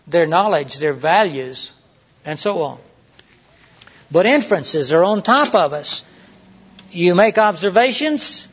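High husky preacher, lo-fi recording. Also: male voice, a bit bright. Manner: conversational, rhetorical questions, acts out quoted lines. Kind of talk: sermon teaching. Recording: dull lo-fi sermon recording.

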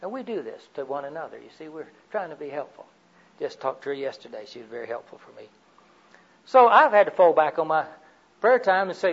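An older man preaching a sermon, telling personal stories in a folksy way, swinging from loud to quiet. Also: fairly high pitch, big pitch swings, brisk, highs cut off.

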